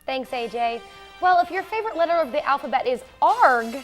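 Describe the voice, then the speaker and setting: Young female student news anchor, high voice, upbeat, faint music bed. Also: lively intonation, a little fast. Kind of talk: student newscast.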